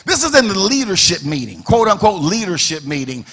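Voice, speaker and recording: A male pastor preaching in a church with a high, bright, ringing voice. He fires off rhetorical questions and repeats his phrases, building up to shouted emphasis. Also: very animated, fairly quick. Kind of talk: preaching a sermon. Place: church sanctuary.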